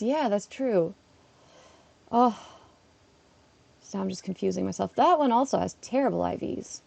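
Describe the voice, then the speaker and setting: A woman's voice: mid-range voice, expressive, unhurried, creaky, pauses often, darkish tone. A woman, a schoolteacher, chatting casually on a live stream while playing, laughing often and talking back to her chat. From Canada.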